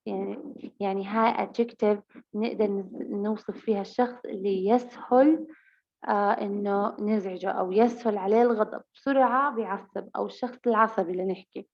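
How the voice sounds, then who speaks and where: A woman with a Levantine Arabic accent who speaks Arabic natively, teaching English vocabulary. She reads example sentences slowly and explains them quickly. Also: medium pitch, steady tone, lo-fi sound. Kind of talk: bilingual vocabulary lesson.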